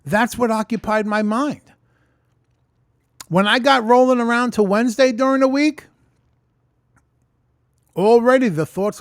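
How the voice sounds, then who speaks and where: A man's voice: very high-pitched, unhurried, long pauses, no echo, clean studio sound. A man vlogging unscripted about his sobriety, talking bluntly and profanely in an emphatic rant. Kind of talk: unscripted ranting monologue.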